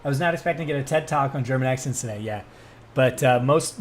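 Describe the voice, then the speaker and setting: A young man, a streamer and voice actor, chatting casually with his live chat, excitable and swearing freely as he drifts into tangents. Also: mid-range voice, fast, a little hiss or hum.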